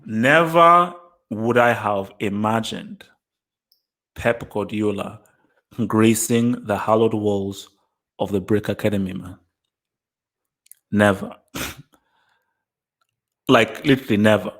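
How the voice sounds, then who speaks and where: A man hosting a live football reaction stream, excitable, laughing often and repeating his words. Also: fairly low pitch, takes it slowly, long pauses. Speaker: football channel host.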